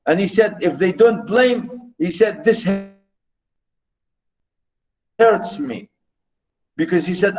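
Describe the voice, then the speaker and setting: A man lectures on literature, taking his time and hammering points home through repetition. His voice is on the higher side for a man. He talks at an unhurried, deliberate pace. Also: expressive, a little mellow, low-quality recording. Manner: slow, repetitive, emphatic explaining. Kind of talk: recorded lecture.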